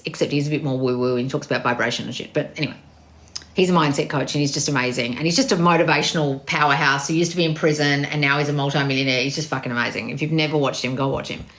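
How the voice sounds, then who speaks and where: Bright sharp-voiced woman coach, blunt and sweary, tells people off nonstop. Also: deep voice, steady tone, fast talker. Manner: blunt, profane, scolding. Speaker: manifestation coach. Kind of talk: confrontational coaching monologue.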